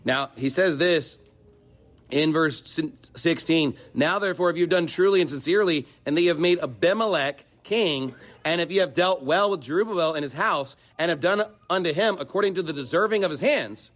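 High-pitched emphatic male preacher. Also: moderate pace, fairly bright tone. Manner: emphatic, rhetorical, sarcastic preaching with repetition. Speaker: pastor. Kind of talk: sermon.

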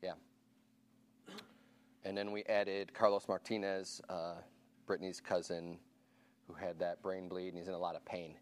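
Smooth low-voiced man pastor. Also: level tone, moderate pace, pauses often. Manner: informal, asks the room questions and counts hands. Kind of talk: casual church announcements to a congregation. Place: church meeting room.

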